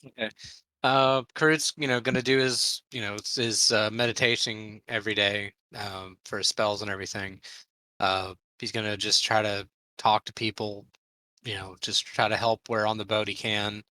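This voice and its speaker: A man's voice: on the low side, little pitch movement, moderate pace, pushed and bright, dry recording, rough recording. A man playing in a tabletop game, describing his character's week hesitantly, with many fillers. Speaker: player.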